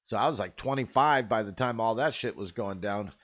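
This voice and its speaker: A man's voice: on the low side, fairly quick, a bit bright. A man host telling rambling, profane stories in a laid-back, casual way. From Arizona. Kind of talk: casual storytelling.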